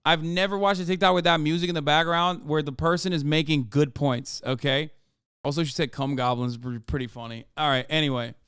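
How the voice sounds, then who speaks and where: A man rants through his live-stream commentary, swearing freely and sounding exasperated. His voice is smooth and resonant, sitting a little high, and the sound is close and dry with no room echo. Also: steady tone, a little fast, a bit bright. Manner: profane, exasperated ranting. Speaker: streamer reacting to videos.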